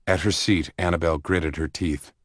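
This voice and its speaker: Deep-voiced male audiobook narrator. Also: steady tone, normal speed, no room sound, studio quality.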